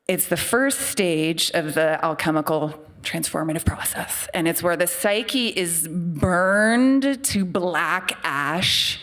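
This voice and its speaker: On a theater stage before a live audience, a middle-aged psychiatrist tells a personal story. Her voice is deep and slow, and she speaks candidly and conversationally, often poking fun at herself.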